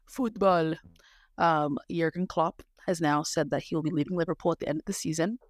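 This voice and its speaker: A woman's voice: deep voice, no room sound, studio quality. Chatty young woman podcast co-host. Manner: chatty, animated, quick asides. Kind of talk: casual chat.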